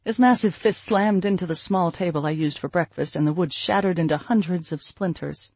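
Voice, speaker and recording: A man reading a first-person fantasy novel aloud in a steady storytelling voice. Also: sits high, brisk, no echo. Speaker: audiobook narrator.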